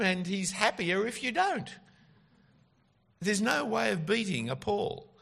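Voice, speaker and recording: A man's voice: high voice, creaky, bright, forceful tone, husky. A man preaching an expository sermon, emphatic and full of rhetorical questions.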